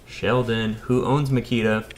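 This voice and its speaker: A man's voice: mid-range voice, flat delivery, a little slow, slight background noise. An American man in his thirties, an electrician, chatting casually on a live stream, rambling and talking straight to his viewers. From United States. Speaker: electrician and YouTuber.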